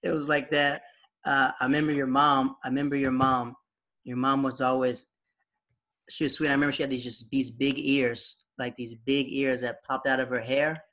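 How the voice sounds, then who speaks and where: A man's voice: medium pitch, level tone, moderate pace, fairly bright tone. A young adult man sharing memories in casual chat, rambling, with lots of filler words and frequent laughs.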